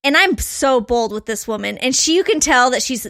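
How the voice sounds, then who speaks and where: A woman in her thirties co-hosting a podcast, telling a story in casual chat, animated and quick to laugh. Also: high voice, dry recording, clean studio sound. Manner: animated, laughs often, acts out dialogue. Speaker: podcast co-host.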